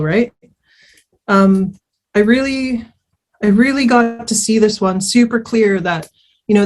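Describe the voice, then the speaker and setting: A woman shares her recovery story in a slow, unhurried delivery. Her voice sits in a middle register. She talks candidly and rambles, peppering her speech with fillers, restarts and casual swearing. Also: medium pitch, a little mellow. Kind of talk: personal testimony.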